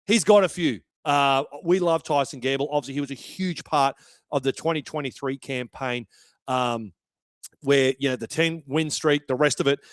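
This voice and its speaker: A man's voice: mid-range voice, fairly even intonation, moderate pace, a bit bright, clear, resonant tone, dry recording. A young Australian man hosting a sports podcast in a brash, chatty way, swearing freely. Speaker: podcast host. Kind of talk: casual podcast commentary.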